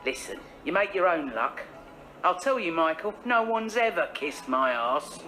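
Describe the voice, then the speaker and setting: A woman's voice: on the low side, animated, a little slow, sharp tone, soft background music. An actress playing a brash, blunt, crude working-class mother and yoga teacher, speaking in a sarcastic sitcom manner. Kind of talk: sitcom acting.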